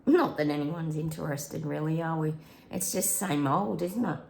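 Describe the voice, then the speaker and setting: A woman's voice: deep voice, moderate pace, vocal fry, a little mellow, roomy sound, slight background noise. A woman hosting a psychic prediction channel, chatting casually to viewers, breaking into bits of song and laughing often.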